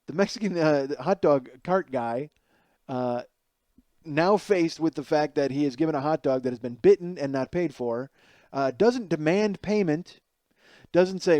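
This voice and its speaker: A man's voice: on the high side, a little slow, dry recording. A middle-aged man hosting a podcast, telling a comedic story with lots of swearing and acting out the people he quotes. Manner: profane, animated, acts out quoted people. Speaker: podcast host.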